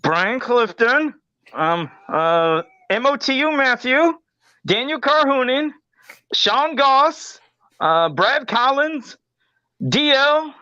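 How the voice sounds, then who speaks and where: A man's voice: very high-pitched, animated, slow, sharp tone, no room sound, muffled recording. A man co-hosting a podcast in casual chat, rambling and swearing a lot. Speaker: podcast co-host.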